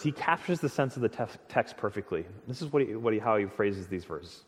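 Emphatic pastor preaching in a reverberant hall. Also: male voice, mid-range voice, brisk, few pauses. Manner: expressive, emphatic storytelling with stammered restarts. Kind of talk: sermon.

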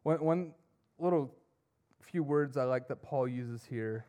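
Young guy giving a sermon, earnest, gets loud then goes quiet, mid-pitch voice. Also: takes it slowly. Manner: earnest, rising to emphatic and dropping to soft. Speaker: pastor.

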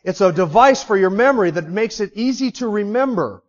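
A man preaching with a fairly high voice. His delivery is emphatic: he drops into quiet asides, then builds to loud, hammering repetitions. The recording sounds dull and lo-fi. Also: lively intonation, brisk. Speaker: pastor. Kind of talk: expository sermon.

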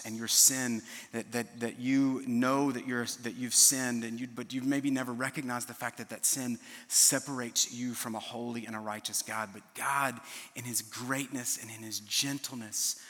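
A man's voice: medium pitch, pushed and bright, big-room sound. A middle-aged man preaching a sermon as a pastor, earnest and often restarting his words.

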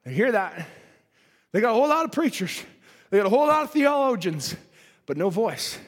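High-pitched fervent male preacher. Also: very animated, brisk. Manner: fervent, reads scripture aloud, shouts at peaks. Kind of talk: sermon. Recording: long hall reverb.

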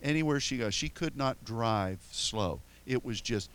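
A man's voice: medium pitch, expressive, a little slow, fairly bright tone, clear, resonant tone, low-quality recording. An older American man, a pastor, telling rambling, self-mocking stories with many restarts before his sermon. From United States. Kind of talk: anecdotal sermon storytelling.

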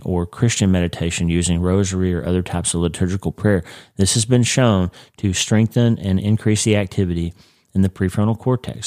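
A man's voice: deep voice, dark tone, no room sound, studio quality. A congested man with jaw pain giving an earnest, conversational faith lesson to his regular audience. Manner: earnest, explanatory, with occasional restarts. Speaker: Christian teacher of a weekly series.

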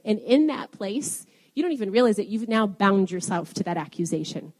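A woman's voice: medium pitch, lively intonation, normal speed, a little mellow. A woman preaching a sermon, telling a personal story and then quoting scripture with rising emphasis. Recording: long hall reverb.

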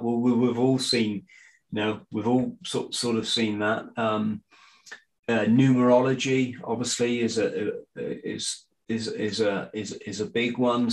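A middle-aged man, a guest in a casual conversation, talking in a halting way with frequent restarts and fillers. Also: mid-range voice, fairly even intonation, rough recording. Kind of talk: casual conspiracy chat.

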